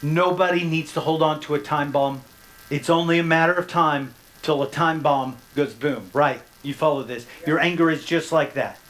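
A man preaching a sermon from the front of a church. He swings from loud, rising bursts to hushed, low stretches and keeps pressing his listeners with repeated questions. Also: fairly even intonation, normal speed. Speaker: pastor. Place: church sanctuary, speaking from the front.

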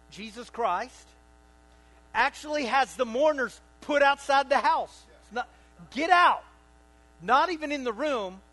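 A man preaching a sermon to a congregation. He swings between loud bursts and quiet asides, and keeps asking the room questions. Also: very high-pitched, poor audio. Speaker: pastor.

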